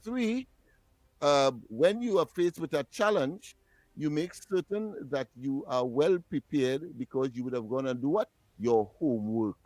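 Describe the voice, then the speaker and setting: A man's voice: medium pitch, animated, unhurried, darkish tone, no echo. A man with a Trinidadian accent co-hosting a casual radio talk show, playful and laughing often, repeating himself as he talks.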